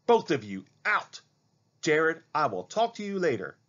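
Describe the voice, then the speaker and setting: A stern, suspicious mother scolds her children in a sharp, raised voice, as a man reads her lines. Her pitch jumps up and down as she gives orders. It is a storybook reading with a slightly muffled, lo-fi sound. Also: big pitch swings, measured pace.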